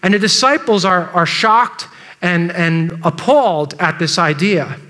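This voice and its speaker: A male pastor delivers a sermon in a high, bright voice. He slips into dramatic, acted-out voices for the characters he describes. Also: measured pace. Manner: dramatic, acts out the disciples' voices.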